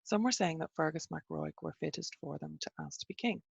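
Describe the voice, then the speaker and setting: A woman's voice: deep voice, a little fast, creaky, husky, no room sound, highs cut off. An Irish woman reading an old Irish tale aloud and breaking off for blunt, chatty asides. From Ireland. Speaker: teacher of Irish lore. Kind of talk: casual reading and commentary.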